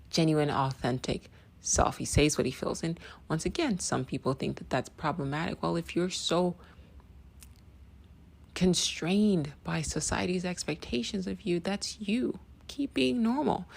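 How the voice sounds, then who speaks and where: Blunt, low-voiced woman podcaster with gravelly edges. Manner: emphatic, repeats phrases, asks "right?" often; blunt, swears freely. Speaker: podcast host. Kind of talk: casual opinion monologue.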